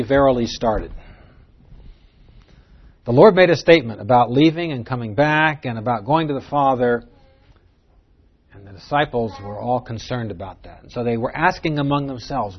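A man's voice: medium pitch, expressive, normal speed, husky. Earnest male Bible teacher, lo-fi. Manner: earnest, emphatic, asks rhetorical questions.

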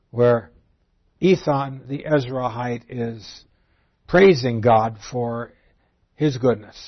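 A man giving an expository Bible lecture, reading verses aloud and explaining them, moving between emphatic lines and very quiet ones. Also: mid-range voice. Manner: swings from emphatic to very soft and quiet. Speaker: Bible teacher. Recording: dull lo-fi recording.

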